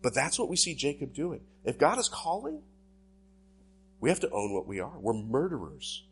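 A male pastor delivering a sermon in an animated preaching style with sweeping swings in pitch. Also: normal speed, husky.

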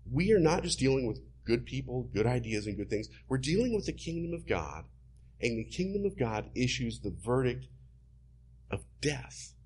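A man's voice: mid-range voice, husky. A man preaching a sermon in an emphatic, teaching manner.

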